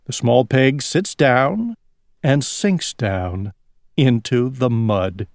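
A man reading a picture book aloud in a slow, expressive storytelling manner. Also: medium pitch, no echo, studio quality.

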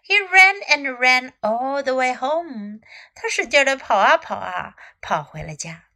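A woman English teacher reading a storybook aloud in two languages, expressive and deliberate. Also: sits high.

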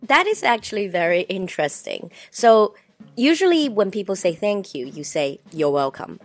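A woman's voice: mid-range voice, big pitch swings, normal speed, faint music behind. A woman co-hosting an educational chat whose first language is Mandarin Chinese, curious and asking questions as she explains things in two languages. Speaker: co-host.

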